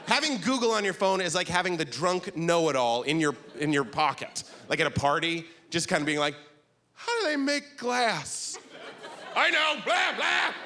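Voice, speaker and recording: Animated male stand-up comic. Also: fairly high pitch, noisy background. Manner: animated, jumping into silly voices. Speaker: stand-up comedian. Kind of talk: stand-up comedy set. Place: comedy club stage. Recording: live club with audience laughter.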